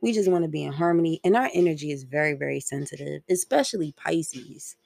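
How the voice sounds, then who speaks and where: A woman's voice: low-pitched, lively intonation, fairly quick, creaky, a little mellow, dry recording, studio quality, faint music behind. A young woman hosting her own podcast solo, talking in a casual, slangy, rambling way and swearing freely. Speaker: podcast host.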